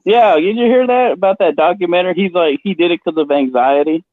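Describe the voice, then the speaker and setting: A wisecracking man cracks crude jokes in casual podcast chat. His voice is a bit high, and the audio comes through dull and lo-fi, dry and close. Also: a little fast, no room sound. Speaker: podcast co-host.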